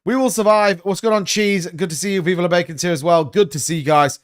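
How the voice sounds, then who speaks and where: A man's voice: sits high, quick pace. A man hosting a crypto livestream, chatting casually and greeting viewers by name.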